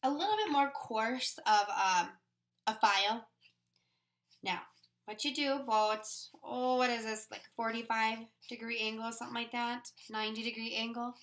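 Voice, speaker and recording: A woman's voice: on the high side, moderate pace, fairly bright tone. A woman giving a chatty, upbeat how-to demonstration of nail wraps, talking her steps through as she works. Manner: chatty, upbeat, thinks aloud while working.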